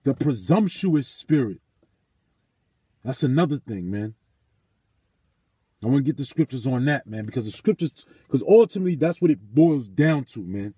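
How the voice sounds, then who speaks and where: A man with a husky, mellow voice tells a story in a vlog and drifts into preaching. He talks emphatically, swears freely and repeats his points. The sound is close and dry. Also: mid-range voice, animated, moderate pace, long pauses, no room sound. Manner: emphatic, profane, repeats phrases. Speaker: vlogger.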